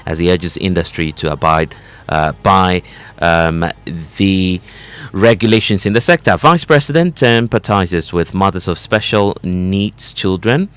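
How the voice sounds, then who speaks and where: Deep-voiced man reading headlines. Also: a little slow, a bit bright, smooth. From Ghana. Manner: reading headlines with hesitant fillers. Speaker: radio co-host. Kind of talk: radio newspaper review. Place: radio studio.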